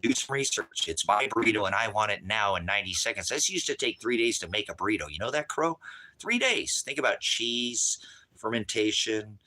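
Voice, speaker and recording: A man's voice: on the low side, animated, a little fast, bright, forceful tone. A man hosting a livestream, ranting at a viewer in the chat, insulting and repeating himself, stumbling when angry. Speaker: livestream host teaching homesteading.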